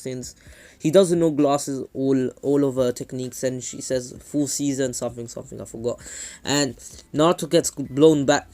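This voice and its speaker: A man's voice: mid-range voice, a little mellow. A man casually retelling a fan-made anime story, rambling, often correcting himself and filling gaps. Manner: rambling, with fillers and self-corrections.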